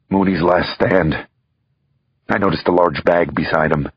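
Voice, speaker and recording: Man, audiobook thriller narrator, raspy and low, dull lo-fi recording. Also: steady tone, measured pace. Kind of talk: first-person thriller narration.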